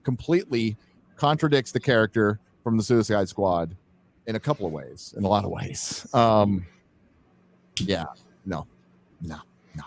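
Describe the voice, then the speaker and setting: A man's voice: lowish voice, a little slow, long pauses. An American man hosting a live-stream chat, talking in a blunt, rambling way with casual swearing. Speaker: host.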